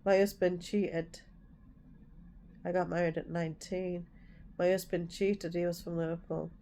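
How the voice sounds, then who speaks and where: A woman's voice: on the low side, flat delivery, unhurried, warm tone, slight background noise. A woman talking frankly and from the heart in a personal vlog, retelling what happened to her and what she said at the time. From Yorkshire, England. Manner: frank and heartfelt, retelling her own past words with heat. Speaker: vlogger. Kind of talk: candid personal storytelling vlog.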